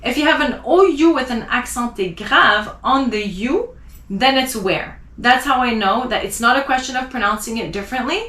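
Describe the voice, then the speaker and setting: A woman teaching a language lesson, spelling out letters and slowly repeating example words. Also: on the high side, a bit bright, roomy sound. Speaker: French teacher.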